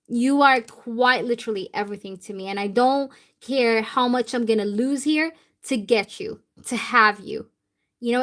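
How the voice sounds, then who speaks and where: A woman tarot reader speaking channeled messages in the first person, repetitive and emphatic, with casual swearing. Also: fairly high pitch.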